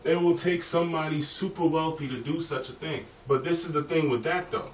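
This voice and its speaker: A vlogger with a fairly high, steady voice rambles briskly to his own camera in a loose, profane, streetwise monologue. He sits well back from the mic, so his voice rings in a roomy space, with a faint hum of ambience underneath.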